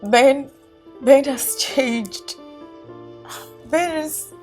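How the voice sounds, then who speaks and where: An actress playing a distressed young wife, crying, halting and repeating herself. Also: female voice, high voice, darkish tone, soft background music. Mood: tearful, weary. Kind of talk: film drama acting.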